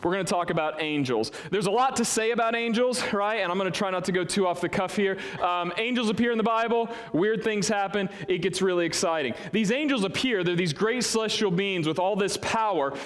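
A man preaching a sermon to his congregation, animated and conversational, recorded in a church hall. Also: high voice, a little fast, few pauses. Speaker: pastor. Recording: long hall reverb.

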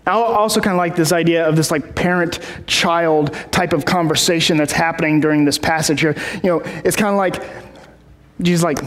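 A man's voice: a little high, a little fast, a bit bright. A man preaching a casual sermon, rambling with many fillers and restarts, heard in a large hall.

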